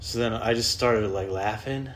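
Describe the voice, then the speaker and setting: A male podcast host rants casually on his own, rambling, swearing often and restarting sentences as he goes. His voice is fairly low and his pace moderate, with slight background noise.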